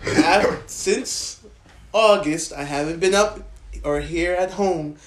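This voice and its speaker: Man, podcast host, playful, laughs often, slow talker, roomy echo. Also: on the high side. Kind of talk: casual podcast banter. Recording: echoey room, faint noise.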